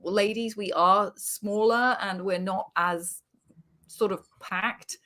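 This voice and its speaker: A British woman comedian in her forties, telling a sweary, animated anecdote in casual chat over a remote call. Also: mid-range voice, takes it slowly. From Britain. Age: 40s. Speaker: comedian guest.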